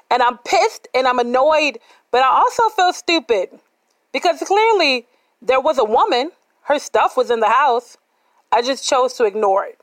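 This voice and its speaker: A woman's voice: sits high, lively intonation, normal speed, no room sound, poor audio. A woman telling a personal true story in a candid, conversational and dramatic manner.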